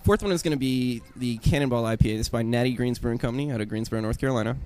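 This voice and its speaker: A polite, knowledgeable man who talks quickly in a mid-pitched voice. He explains flavors with relaxed ease in a casual interview. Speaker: beer specialist guest.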